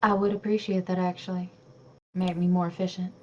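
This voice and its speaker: A woman's voice: on the low side, flat delivery, dull audio. A woman playing in a tabletop horror game, casual and laughing often. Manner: giggly, unhurried, laughs often. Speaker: player.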